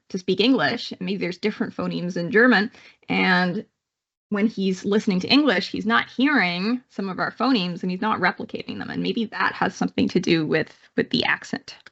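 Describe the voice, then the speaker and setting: A woman's voice: mid-range voice, a bit bright, dull audio. A woman with a Canadian accent giving a live online psychology lecture in a conversational way, with many fillers and restarts. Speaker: psychology instructor.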